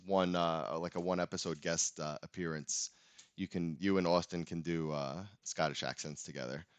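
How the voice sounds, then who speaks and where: A man's voice: low voice, steady tone, normal speed, clean tone, no echo. A young man hosting a casual podcast chat, laughing often, rambling and swearing freely.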